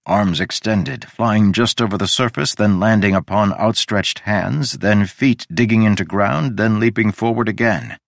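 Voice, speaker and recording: A man reading a fantasy audiobook in a measured, dramatic storytelling manner. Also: sits low, fairly bright tone, no echo, clean studio sound. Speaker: audiobook narrator. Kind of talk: scripted fantasy narration.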